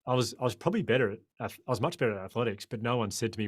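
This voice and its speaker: An Australian man in his forties, a guest on a podcast interview, talking in an impassioned, animated way. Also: fairly low pitch, racing, no room sound, clean studio sound. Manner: impassioned, animated storyteller who acts out quoted voices.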